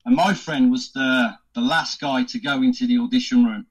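With a breathy edge to his mid-range voice, an actor on a podcast tells anecdotes at a moderate pace in a casual interview. He's animated, laughing often and impersonating people in his tales. The audio is muffled.

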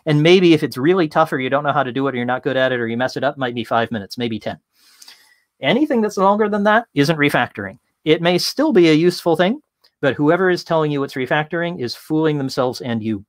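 A man giving an interactive talk from home as a tech consultant, casual and full of fillers, telling lively stories. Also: fairly high pitch, quick pace, dry recording.

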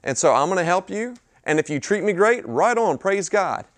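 A man preaching a sermon at a mission chapel, talking in a conversational way with sudden loud bursts and hushed asides. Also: high voice, lively intonation, normal speed. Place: mission chapel with a live audience.

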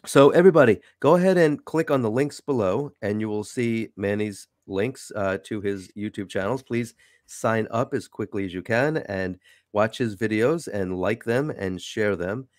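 A man with a New York accent, born in the city, hosting a casual interview with wry, animated chat. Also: fairly low pitch, normal speed, no room sound, studio quality. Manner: chatty, wry, animated sign-offs. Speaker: show host.

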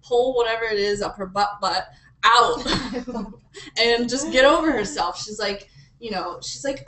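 A young woman hosting a casual chat with friends, animated and peppered with "like". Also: fairly high pitch, unhurried, echoey room, recorded from a distance, slight background noise, poor audio. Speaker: host.

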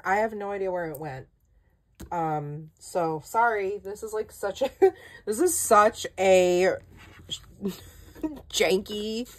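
A woman's voice: fairly low pitch, darkish tone. A woman hosting a casual haul vlog, chatty and self-deprecating, with lots of "like" and "um", often laughing at herself. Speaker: planner channel host.

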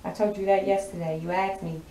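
A woman's voice: mid-range voice, little pitch movement, fairly quick, dark tone, recorded from a distance. A woman, giving a sassy, drawling tarot reading in a spoken channeling style and laughing often. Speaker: tarot reader. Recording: echoey room, voice off-mic, noisy.

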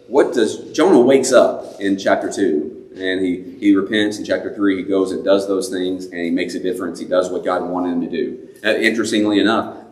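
Chatty man preaching in an echoey church. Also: fairly low pitch. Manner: conversational, self-deprecating, many fillers and restarts. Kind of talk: sermon. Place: church sanctuary.

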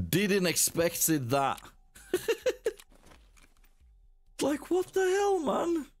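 Male streamer, casual gaming chatter, very animated pitch, unhurried delivery, faint music behind. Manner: exclaims, laughs and chats with viewers.

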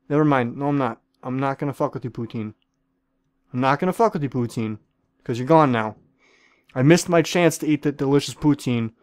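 A man's voice: fairly high pitch, fairly quick, no room sound, studio quality. A man giving joking, profane commentary while playing a game, talking to the other players and playing up a comic celebrity-chef persona. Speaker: gaming video creator.

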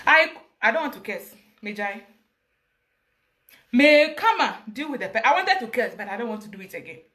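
Ghanaian woman, high bright voice, emphatic and passionate as an interview guest. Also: very animated, moderate pace. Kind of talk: emotional personal account.

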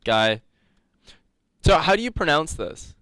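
A man's voice: on the high side, sing-song, slow pace, a bit bright, no room sound. A young man teaching a live coding lecture, rambling and joking, laughing often. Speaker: coding instructor.

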